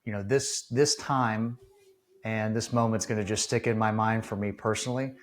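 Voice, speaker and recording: Earnest, halting male podcast host. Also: lowish voice, fairly even intonation. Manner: earnest, halting, with many restarts. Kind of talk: casual interview talk.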